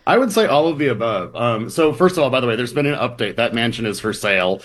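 A man's voice: medium pitch, expressive, quick pace, a bit bright. Rambling male reporter explaining casually. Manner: rambling, restarts, acts out quoted voices. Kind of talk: casual interview chat.

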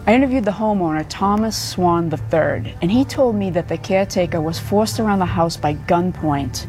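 A woman reporting in a news clip, her voice on the low side. She speaks in a steady reporting manner. Faint music plays underneath. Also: moderate pace.

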